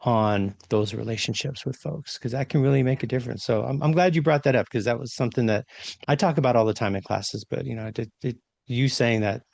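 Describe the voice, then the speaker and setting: A man co-hosting a podcast, talking through leadership ideas in a reflective, animated way and often checking in with "right?". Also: medium pitch, fairly quick, creaky, no echo. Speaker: podcast co-host, leadership trainer. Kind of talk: casual conversational podcast talk.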